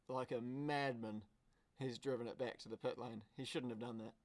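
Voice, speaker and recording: Commentating a car race on a live stream, this man gets worked up, curses, and yells at the screen at times. He speaks quickly in a mid-range voice.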